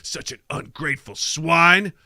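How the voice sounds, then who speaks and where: A pompous, indignant old minister, as a man plays him in a comedic anime parody. He talks in a raised, bright, huffy way and barks bossy orders. The sound is dry. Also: high voice, animated, normal speed, gravelly, no echo, voice pushed up, exaggerated voice.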